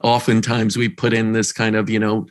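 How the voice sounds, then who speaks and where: A man's voice: lowish voice, monotone, normal speed. A man hosting a podcast interview, asking long, rambling questions with eager enthusiasm. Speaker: podcast host. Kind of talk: casual interview talk.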